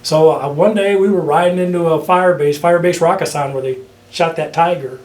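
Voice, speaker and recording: An older man, a veteran, is being interviewed for an oral history. His voice sits on the high side and is brisk yet a little mellow, and he rambles through his stories with frequent laughter. The room is echoey, with faint ambient sound.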